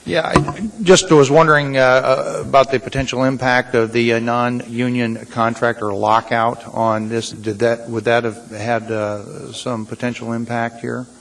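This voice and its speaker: Male assembly member, flat and halting, working through his question. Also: medium pitch, vocal fry. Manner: halting, searching for words. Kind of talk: questioning at a public meeting. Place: public assembly chamber.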